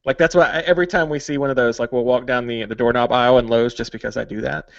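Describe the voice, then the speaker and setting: A man's voice: mid-range voice, steady tone, fast, vocal fry, no echo. Chatty man, dry lo-fi sound. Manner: chatty, jokey, many fillers. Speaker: podcast host. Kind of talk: casual chat.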